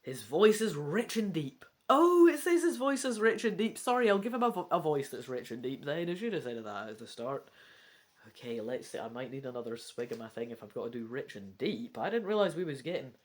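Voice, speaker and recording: A woman's voice: sits low, sing-song, brisk. A woman reading a gamebook aloud and chatting through her choices, with self-mocking asides and the occasional whisper. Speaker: gamebook reader.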